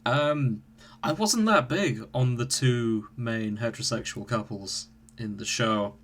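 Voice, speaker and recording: A man's voice: mid-range voice, takes it slowly. A man hosting a podcast in casual chat, joking and laughing often. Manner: jokey, laughs often, animated. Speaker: podcast host.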